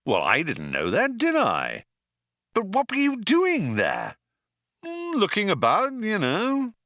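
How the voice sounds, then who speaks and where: A man's voice: high-pitched, huge pitch swings, slow, fairly bright tone, no room sound, studio quality, voice pushed up, heavily acted. A man reading an audiobook, voicing a breezy, evasive two-headed rogue.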